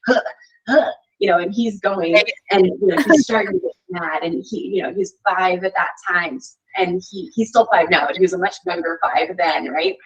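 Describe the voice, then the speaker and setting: A woman's voice: lowish voice, normal speed, few pauses, slightly rough, lo-fi sound. A woman being interviewed on a podcast, telling a story in a chatty way with lots of "like" and "you know". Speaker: podcast guest. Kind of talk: casual interview chat.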